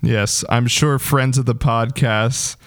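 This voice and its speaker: A man's voice: medium pitch, fairly even intonation, slow, dry recording. A man co-hosting a casual sports podcast, talking emphatically like a hype man. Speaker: podcast co-host.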